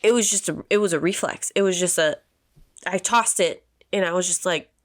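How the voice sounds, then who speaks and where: A woman in her thirties, a podcast host telling a personal story in an emotional, halting way with many restarts. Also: on the low side, no room sound, studio quality. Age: 30s.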